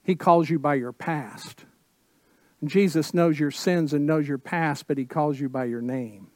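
A man preaching a sermon as pastor, emphatic and full of repeated phrases, dropping suddenly to soft tones. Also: a little high, measured pace, dry recording.

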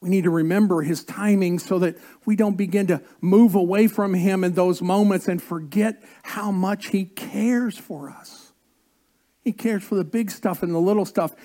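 A man preaching a sermon as pastor, slow and earnest, drawing out key words and coaxing the congregation to join in. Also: high voice, dark tone.

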